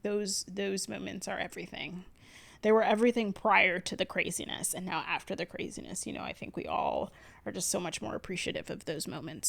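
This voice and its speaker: Chatty woman with a gravelly edge. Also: mid-range voice. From Connecticut, USA. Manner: chatty and rambling, laughs often, says "y'all". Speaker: planner vlogger. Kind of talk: casual voiceover narration. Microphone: voiceover mic.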